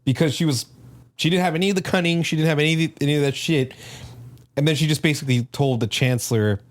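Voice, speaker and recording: A man co-hosting a casual comic book review, relaxed and searching for words. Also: on the high side, quick pace. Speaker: podcast co-host.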